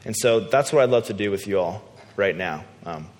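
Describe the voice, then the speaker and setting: A man preaching a sermon in a relaxed, conversational, self-deprecating storytelling way. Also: lowish voice, normal speed. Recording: long hall reverb.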